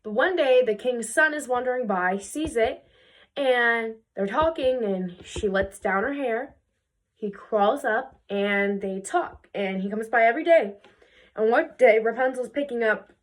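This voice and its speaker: A young woman casually retelling a fairy tale for her video, chatty and full of fillers, jumping into quick voices for the characters. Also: on the high side. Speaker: video creator.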